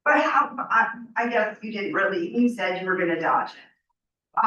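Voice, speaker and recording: Woman questioner from the floor, sharp voice, a little worn, far away in a very echoey hall. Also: mid-range voice, lively intonation, unhurried, muffled recording. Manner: pressing, informal questioning. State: slightly lost voice. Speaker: resident asking a question. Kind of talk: audience question at a town meeting. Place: town meeting hall. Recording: distant voice in a very echoey hall, faint room noise.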